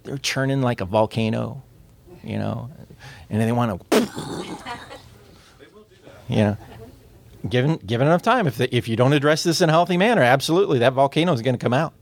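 A man teaching a class on communication. He talks in a lively way, laughs often, quizzes his listeners and repeats words as he restarts. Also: mid-range voice, moderate pace, long pauses, no room sound. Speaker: instructor.

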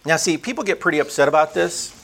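A man teaching a conversational Bible lesson, emphatic, building up lists and slowing down on key words. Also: on the high side, animated, gravelly, a bit bright.

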